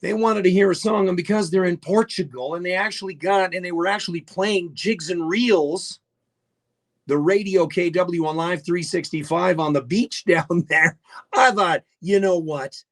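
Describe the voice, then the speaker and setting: A man's voice: sits high, normal speed, fairly bright tone. A man hosting a live radio show in casual, jokey chat, greeting listeners by name. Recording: faint music behind the voice.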